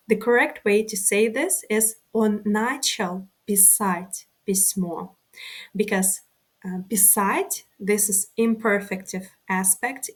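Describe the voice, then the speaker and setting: A woman teaching an online grammar lesson, speaking carefully and pronouncing each example word deliberately. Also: mid-range voice. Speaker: language teacher.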